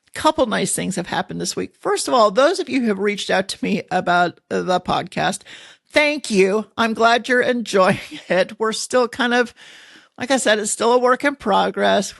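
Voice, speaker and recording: A woman's voice: medium pitch, vocal fry, no room sound, clean studio sound. A middle-aged woman hosting a podcast, chatting in a folksy, rambling way and laughing often. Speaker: podcast host. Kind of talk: casual rambling monologue.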